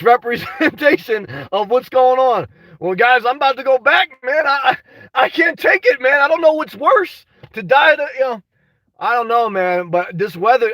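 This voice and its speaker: High, bright-voiced man on a livestream. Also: no room sound, distant mic. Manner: restless, says "man" constantly, swings to shouting. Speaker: vlogger reading live chat. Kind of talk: emotional livestream chat.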